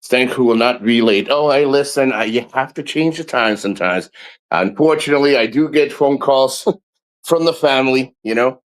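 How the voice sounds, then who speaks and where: A man's voice: mid-range voice, moderate pace. A man hosting a casual livestream, swearing freely, laughing often and rambling with restarts. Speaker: livestream host.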